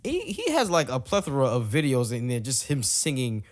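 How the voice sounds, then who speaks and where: Dude cohosting a podcast, mid-range voice, laid back, lots of short yeahs. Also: male voice, mid-range voice. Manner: relaxed, easygoing, quick short replies. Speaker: podcast co-host. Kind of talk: casual chat.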